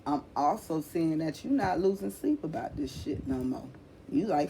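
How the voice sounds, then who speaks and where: A woman with a lowish voice gives a casual tarot reading, plain-spoken and full of swearing. She repeats her points for emphasis and keeps calling the listener honey. A faint hiss sits under the recording. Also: expressive, normal speed, mellow. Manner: blunt, swears freely, calls listener honey. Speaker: tarot reader.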